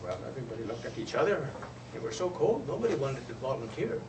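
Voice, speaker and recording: A man telling a traditional folk tale aloud in an expressive storyteller's manner. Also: medium pitch, fast, background noise. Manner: expressive, lively voices for characters. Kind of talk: oral storytelling. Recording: roomy, distant, faint ambience.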